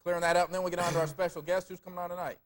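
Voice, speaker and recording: A man's voice: high-pitched, level tone. A man co-hosting a live local TV film review show, joking casually and laughing often. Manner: quick, jokey, laughs often.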